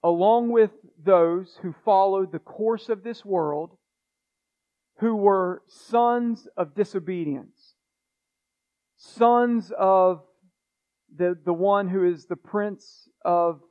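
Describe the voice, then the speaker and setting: A man's voice: sits high, highs cut off. A man pastor preaching a sermon in an earnest way, repeating phrases and restarting himself as he presses his points.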